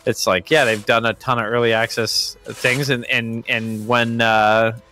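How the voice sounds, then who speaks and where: Bright-voiced man in casual chat. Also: mid-range voice, level tone, a little slow, a little hiss or hum. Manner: rambling, restarts, chatty about games.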